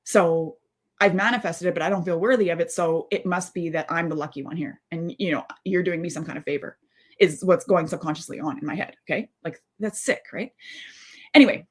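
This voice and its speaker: A woman's voice: on the low side, fairly quick, husky. Rambling heartfelt woman in her thirties. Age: 30s. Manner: rambling, heartfelt, full of asides and restarts. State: close to tears. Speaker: spiritual mindset coach. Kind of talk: candid live-stream monologue.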